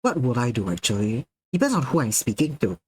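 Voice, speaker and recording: A husky, medium-pitched man talks briskly while streaming live, excitedly reacting to chat messages with lots of laughs and free-flowing profanity. The recording quality is low.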